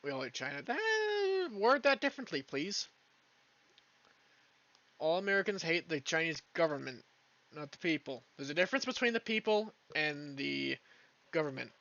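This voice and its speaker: A man's voice: fairly high pitch, animated, fairly quick, vocal fry, pushed and bright, dull audio. A man streaming a game while ranting in a casual, rambling, foul-mouthed way, often trailing off mid-thought. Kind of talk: casual rant while gaming.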